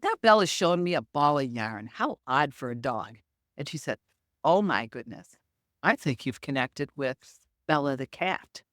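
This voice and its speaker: With a bass voice recorded cleanly in a studio with no echo, a middle-aged medium guesting on a podcast shares anecdotes during an interview. She is animated and performs the quoted dialogue.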